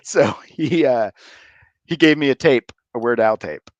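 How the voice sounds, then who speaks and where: A man's voice: medium pitch, a little slow, dry recording. A man guesting on a podcast, telling stories in an easygoing, meandering way and thinking aloud as he recalls things. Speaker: podcast guest, effects pedal maker. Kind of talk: casual interview chat.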